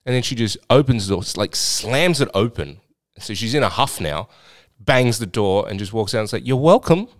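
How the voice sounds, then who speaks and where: A man's voice: lowish voice, moderate pace, no room sound, clean studio sound. An Australian man hosting a podcast, telling a story in a rambling, blunt way with some swearing. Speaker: podcast host and swingers club owner. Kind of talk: casual storytelling chat.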